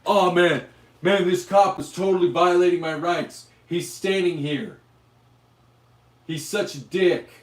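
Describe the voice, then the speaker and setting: A whiny male protester complains with indignant, mocking self-pity, as a hoarse man puts him on. The voice sits clearly higher than the speaker's own. Echo hangs around it. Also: unhurried. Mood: whining. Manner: mocking, whining.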